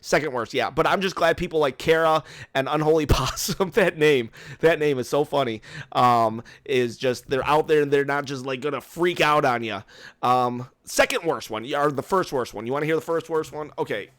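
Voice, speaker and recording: Lively, laughing man telling stories on a podcast. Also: on the high side, moderate pace. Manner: lively storyteller who laughs often. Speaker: podcast host. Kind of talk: casual podcast chat. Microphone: podcast microphone.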